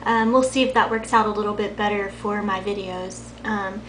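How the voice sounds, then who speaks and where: A soft-spoken young woman from Texas with a light Texan accent and a high-pitched voice, chatting casually to her camera. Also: steady tone, moderate pace, slight background noise. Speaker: vlogger. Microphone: built-in camera mic. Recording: echoey room.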